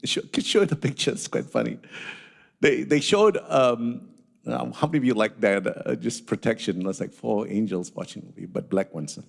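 A man preaching a sermon as pastor, animated and storytelling, dropping frequent hallelujahs. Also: medium pitch, moderate pace, creaky.

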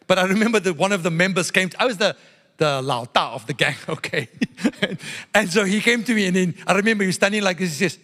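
A man preaching a sermon to a congregation as pastor, animated and playful, with call-and-response asides. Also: sits high, fairly quick, big-room sound.

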